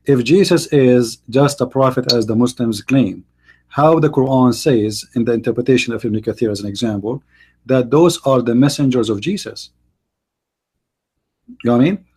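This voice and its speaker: Husky man hosting a live stream. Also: mid-range voice, a little mellow. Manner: halting, many fillers and restarts. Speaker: host. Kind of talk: live-stream debate talk.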